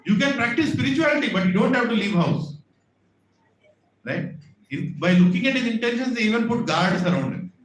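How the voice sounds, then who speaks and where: A man's voice: extremely high pitch, lively intonation, brisk. A man, a preacher telling a devotional story in a temple hall, acting out the voices and often asking "right?". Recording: echoey hall with faint ambience.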